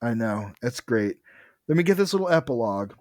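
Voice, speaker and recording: Guy cohosting a comics podcast, reads out the dialogue, dry close sound, middle pitch. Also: sing-song, brisk, a little mellow, no room sound. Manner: retells comic dialogue aloud. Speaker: podcast co-host. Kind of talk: casual chat.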